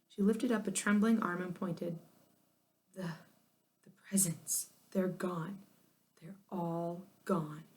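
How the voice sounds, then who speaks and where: Expressive female narrator for a children's chapter book, lively delivery. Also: mid-range voice. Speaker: audiobook narrator. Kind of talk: children's storybook reading.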